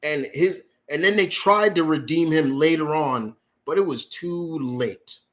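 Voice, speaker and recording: A man's voice: fairly high pitch, measured pace, a bit bright. A man hosting a live question-and-answer stream, ranting in a profane, heated way, repeating himself for emphasis and reading viewer questions aloud. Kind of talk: unscripted live-stream rant.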